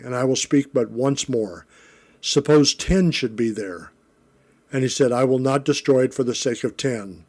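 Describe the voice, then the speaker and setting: A middle-aged man teaching a Bible lesson, reading scripture aloud and explaining it in a relaxed, conversational way with frequent fillers and self-corrections. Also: mid-range voice.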